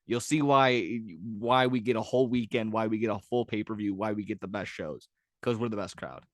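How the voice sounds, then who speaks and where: A man's voice: on the low side, a little fast, no room sound, clean studio sound. A man co-hosting a sports podcast, ranting profanely in casual chat and laughing at his own jokes. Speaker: podcast co-host.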